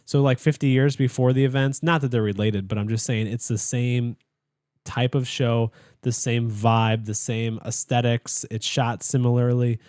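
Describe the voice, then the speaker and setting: A man's voice: medium pitch, level tone, normal speed, a little mellow, clear, resonant tone, no echo. Young man, podcast co-host, casual chat, rambling, fillers, dry studio sound. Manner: rambling storyteller, many fillers and restarts.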